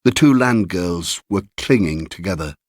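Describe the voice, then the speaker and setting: Slow, low-voiced male audiobook narrator. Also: lively intonation, no room sound. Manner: measured, unhurried storytelling. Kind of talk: scripted literary narration.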